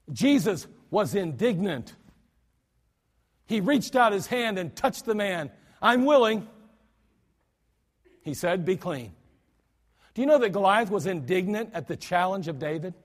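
Brief: male pastor, emphatic sermon delivery with restarts, high-pitched, in a reverberant church. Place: church sanctuary.

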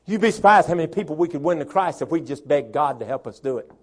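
A man preaching a sermon as pastor, dropping to quiet talk and rising to shouted preaching. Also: on the high side, expressive, fast talker. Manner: swings from soft talk to shouted preaching, imitates a chainsaw.

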